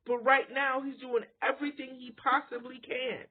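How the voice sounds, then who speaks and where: Her voice is high-pitched and fairly flat, moving at a normal speed. She's a vlogger delivering a casual, sweary rant straight to camera, full of rhetorical questions, captured on tinny, phone-quality audio.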